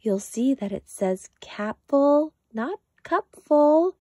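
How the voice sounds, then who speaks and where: A woman's voice: high-pitched, lively intonation, slow, dark tone, no room sound, clean studio sound, pitched above the performer's own voice. A woman voicing a mother bear who is patient but firm.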